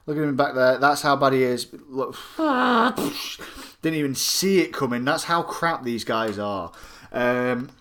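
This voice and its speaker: A man's voice: medium pitch, normal speed, a bit bright. A man, casually reviewing a collectible figure and its magazine in a rambling, jokey way. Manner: rambling and jokey, with many fillers and asides.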